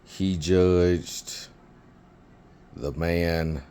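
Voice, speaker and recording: A man's voice: low voice, fairly even intonation, drawn-out words, warm tone, a little hiss or hum. A man teaching biblical Hebrew in an informal lesson, thinking aloud with fillers and restarts.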